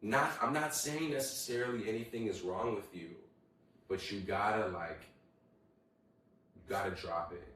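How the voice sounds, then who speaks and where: Low-voiced young man in an echoey room. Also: moderate pace, pauses often, recorded from a distance. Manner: animated storytelling, heavy swearing, acts out quotes. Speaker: podcast host. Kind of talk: casual solo podcast chat. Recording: very echoey room, voice away from mic.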